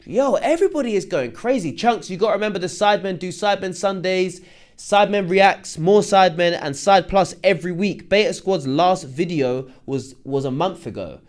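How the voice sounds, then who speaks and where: A young man talks through online drama in a loose, chatty way, stopping to read viewer comments aloud. His voice sits a touch high for a man, and he breaks up his commentary with slangy asides. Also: normal speed. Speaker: commentary host. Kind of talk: casual reaction commentary.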